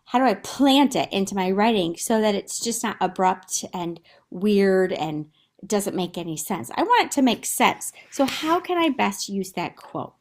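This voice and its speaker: A woman's voice: mid-range voice, big pitch swings, unhurried. A woman teacher talks her students through a recorded lesson over slides. Her delivery is chatty and conversational, with small fillers and restarts as she thinks aloud.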